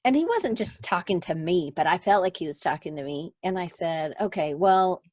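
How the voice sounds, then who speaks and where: A woman with an Alabama accent hosting a podcast, talking in a casual, animated, rambling way with jokey asides. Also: fairly low pitch, moderate pace, no room sound, studio quality. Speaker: podcast host. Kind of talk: casual conversational chat.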